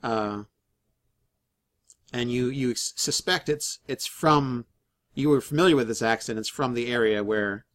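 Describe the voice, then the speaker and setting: Male game master, mid-pitched, halting delivery full of fillers, narrating a tabletop session. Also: a bit bright. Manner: halting, many fillers and restarts.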